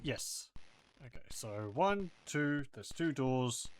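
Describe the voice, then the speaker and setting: A man's voice: medium pitch, lively intonation, slow pace, a little hiss or hum. A man playing through a retro role-playing game, thinking aloud and reading out game text and combat results. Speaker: let's play host. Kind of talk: casual gameplay commentary.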